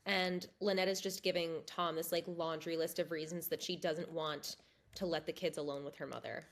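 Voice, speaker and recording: A woman with a slightly low voice, co-hosting a podcast. She recaps plot points in a steady, casual way, with a dry laugh now and then. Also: moderate pace. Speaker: podcast co-host.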